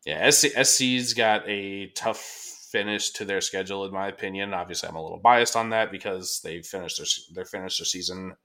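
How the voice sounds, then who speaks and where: A man hosting a podcast, chatting casually about sports in a relaxed, laid-back way, with lots of fillers and the odd curse word. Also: deep voice, fairly quick, few pauses. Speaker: podcast host.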